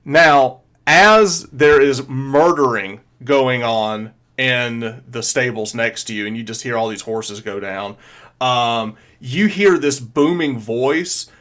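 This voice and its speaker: Man, game master, tabletop game narration, hesitant, lots of fillers, average pitch. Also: takes it slowly, fairly bright tone.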